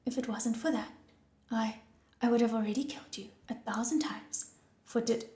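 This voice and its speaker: A woman voicing a hot-tempered, flustered teenage boy who shouts and stammers indignantly in an audiobook reading. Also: a little high, moderate pace, lightly acted. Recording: roomy echo with soft music.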